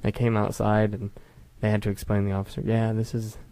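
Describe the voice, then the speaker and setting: A man's voice: fairly low pitch, monotone, fast, mellow, no room sound. A young man co-hosting a podcast from home, telling long rambling stories in casual chat. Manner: rambling storyteller. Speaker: podcast co-host.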